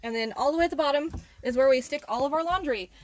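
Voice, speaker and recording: A woman's voice: high-pitched, fast talker, darkish tone, slight background noise. Chatty woman full of fillers. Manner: chatty, filler-heavy, quotes herself. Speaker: bus owner giving a tour. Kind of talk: casual chat.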